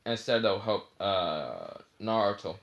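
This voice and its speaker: A man's voice: lowish voice, very animated, slow, vocal fry, fairly bright tone, lo-fi sound. Rambling young man telling a fan story. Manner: rambling, full of fillers and self-corrections. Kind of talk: casual fan-story retelling.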